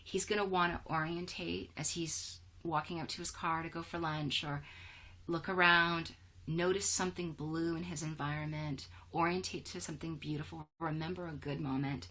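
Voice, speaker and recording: Running a wellness workshop online via video call, a woman reads participants' chat responses aloud and praises them briefly. Her low-pitched voice has a sharp tone and fairly even intonation.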